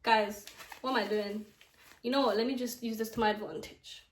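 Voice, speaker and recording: A young woman with a British accent telling a story time in a chatty, dramatic way, with quick asides. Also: a little high, fairly even intonation, slight background noise. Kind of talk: casual storytime chat while doing makeup. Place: bedroom at home. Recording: echoey room.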